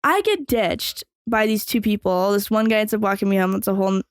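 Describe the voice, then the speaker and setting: A woman's voice: medium pitch, fairly quick, clean tone, no room sound. Young woman rambling through a story, dry sound. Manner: rambling, filler-heavy, swearing freely. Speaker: podcast host. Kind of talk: casual storytelling.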